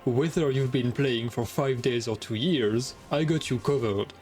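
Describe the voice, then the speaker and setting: Young male narrator, French accent, mid pitch, methodical guide read, faint music bed. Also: measured pace. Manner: explanatory, steady and methodical. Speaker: gaming guide creator. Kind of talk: scripted narration. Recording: light music behind.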